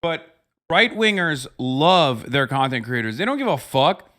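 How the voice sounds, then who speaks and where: Bright-voiced ranting male streamer. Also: medium pitch, sing-song, unhurried. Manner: profane, ranting, swings into loud mocking voices. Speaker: streamer reacting to videos. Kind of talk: casual livestream commentary.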